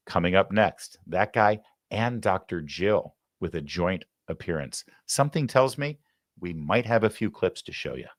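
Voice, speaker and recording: Low-voiced man ranting as a talk host. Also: a bit bright, no echo, clean studio sound. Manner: heated, sarcastic, ranting. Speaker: political talk show host. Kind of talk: live opinion commentary.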